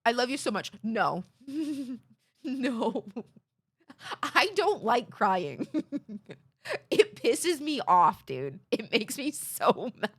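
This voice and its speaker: Young female streamer, bright voice on the high side, rambling and self-mocking, swears freely. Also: sing-song, very slow, pauses often, husky. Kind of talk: casual chat with chat.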